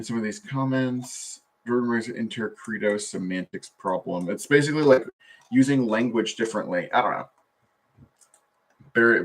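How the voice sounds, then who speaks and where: A man with a somewhat low voice talks in a loose, wandering way on a solo stream, full of fillers and half-finished thoughts. He speaks from his desk at a computer. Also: fairly bright tone. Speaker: vlogger. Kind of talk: rambling solo livestream talk.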